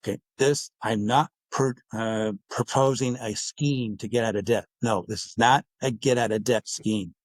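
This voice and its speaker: A man's voice: fairly low pitch, fairly even intonation, normal speed, few pauses, no echo. Explanatory man, dry close mic. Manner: explanatory, acts out dialogue in quotes. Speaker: guest author. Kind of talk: podcast interview.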